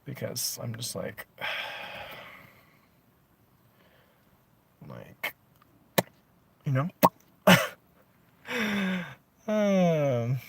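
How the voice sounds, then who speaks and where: A man vlogging a casual rant to his viewers, chatty and animated, full of "like" and swearing. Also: on the high side, extremely slow, vocal fry, long pauses, noisy background.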